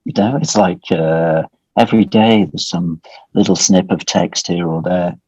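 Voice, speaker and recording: Guest, male, deep and husky, wry dry delivery, dull lo-fi call audio. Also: unhurried, a little mellow, no echo. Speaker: guest, tea company co-owner. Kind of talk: casual interview chat.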